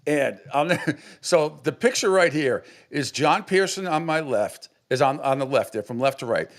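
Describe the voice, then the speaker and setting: A man's voice: fairly high pitch, expressive, normal speed. A middle-aged man from New England, a sports radio host, telling a rambling story with many restarts and acted-out quotes. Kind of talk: casual storytelling.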